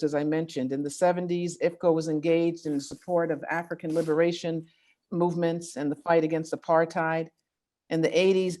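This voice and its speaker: A woman leading an organization speaks at an online forum in an earnest, measured way, slowing down for emphasis. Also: lowish voice. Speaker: executive director of a faith-based organization.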